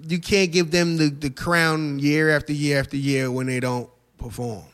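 Laid-back comedian with slightly high voice. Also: male voice, steady tone, moderate pace, a bit bright. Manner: laid-back, repeats phrases, slangy. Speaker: stand-up comedian and show host. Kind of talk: casual podcast interview.

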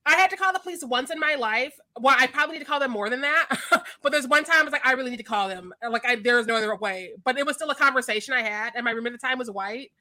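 A woman co-hosting a podcast, telling stories in an animated, emphatic casual chat. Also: sits high, fast. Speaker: podcast co-host.

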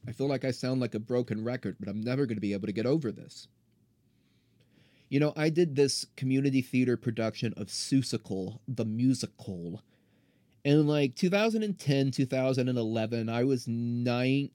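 A man's voice: medium pitch, a little fast, dark tone, no echo. A man in his thirties hosting a podcast, delivering an impassioned, indignant solo rant. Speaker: podcast host. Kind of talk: solo ranting monologue.

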